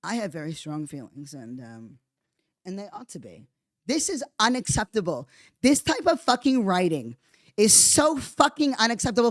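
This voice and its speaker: A woman hosting a podcast, giving heated political commentary, swearing a lot and sarcastic, at times jumping into high, mocking outbursts. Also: very animated, normal speed, dry recording, clean studio sound. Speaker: podcast host.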